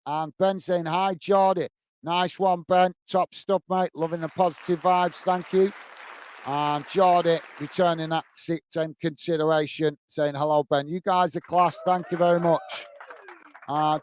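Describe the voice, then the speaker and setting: Here a man runs a live football watch-along, chatting loosely and answering viewer comments he reads out. His voice sits high and sounds clear and resonant, with no echo in the recording.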